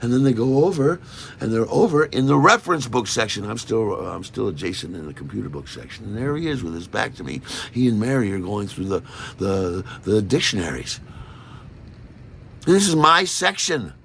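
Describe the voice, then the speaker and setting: A man telling a personal story in an animated, self-mocking way. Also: on the low side, normal speed, vocal fry, slight background noise.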